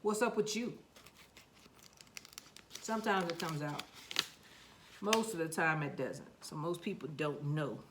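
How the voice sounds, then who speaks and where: A woman's voice: deep voice, unhurried, long pauses, background noise. A woman with a New York accent, chatting to herself and her seeds while planting them in a casual gardening vlog. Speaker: gardening vlogger.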